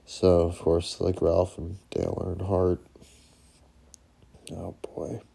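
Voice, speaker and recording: Low gravelly man rambling about sports. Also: completely flat delivery, unhurried, mellow. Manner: rambling, profane, calls himself Coach in third person. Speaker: sports show host. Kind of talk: casual sports chat.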